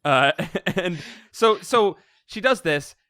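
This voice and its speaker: A man co-hosting a podcast, recapping a story in casual chat, animated and laughing often. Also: sits high, slow pace, no echo, studio quality. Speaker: podcast co-host.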